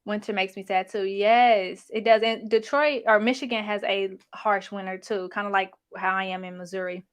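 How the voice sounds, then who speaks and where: A woman's voice: mid-range voice, steady tone, normal speed, smooth. A young adult woman hosting a casual livestream, reading chat comments in a chatty, sassy, slangy way. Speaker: channel host reading live chat.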